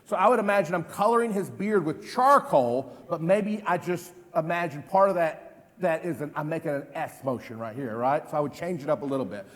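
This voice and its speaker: A man in his fifties giving an energetic live stage demonstration as a memory trainer, quizzing the audience with repeated questions. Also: a little high, a little fast. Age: 50s. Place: large event hall. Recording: long hall reverb.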